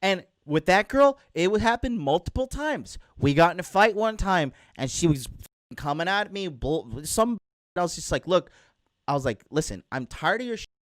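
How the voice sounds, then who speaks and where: A man's voice: sits high, lively intonation, normal speed, no room sound, clean studio sound. A man coaching male viewers on dating in a blunt, profane rant, clipping off his own swear words and hammering each point with "all right?". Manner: hammers points with repeated tag questions. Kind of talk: ranting monologue to male viewers.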